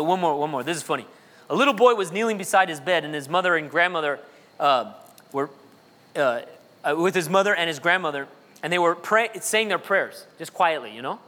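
A man's voice: high-pitched, sharp tone, big-room sound. A man preaching a sermon, joking and repeating himself as he reads kids' prayers, then urging prayer with thanks. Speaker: pastor.

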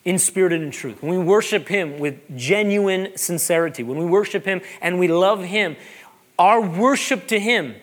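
A man, a pastor preaching a sermon, animated and joking, repeating phrases for emphasis. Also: high-pitched, normal speed.

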